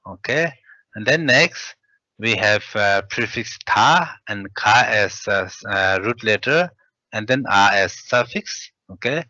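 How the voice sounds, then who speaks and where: A male language teacher works through syllables one at a time, halting and patient. His voice is bright and his pace very slow. The recording is dry and a little muffled. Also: lowish voice, lively intonation, no room sound. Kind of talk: spelling out syllables in a lesson. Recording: dull lo-fi sound.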